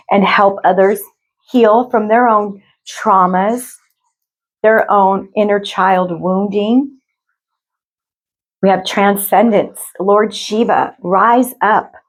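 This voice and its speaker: A woman giving an intuitive spiritual reading to her viewers, gentle and emotional, often calling them "you guys". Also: mid-range voice, poor audio. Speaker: spiritual reader.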